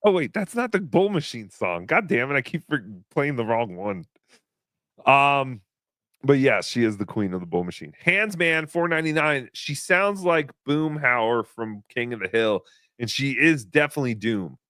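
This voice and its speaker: A man's voice: mid-range voice, expressive, normal speed, bright, forceful tone, dry recording, studio quality. Joking, rambling male stream host. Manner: rambling, joking, self-deprecating. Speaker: livestream host reading chat donations. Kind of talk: casual livestream chat.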